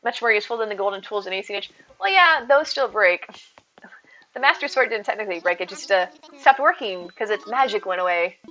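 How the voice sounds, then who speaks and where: Chatty woman streamer, bright voice. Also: mid-range voice, lively intonation, brisk. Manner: chatty, rambling, answers chat aloud. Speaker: live streamer. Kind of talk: casual live-stream chat. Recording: slightly dull stream audio with faint music.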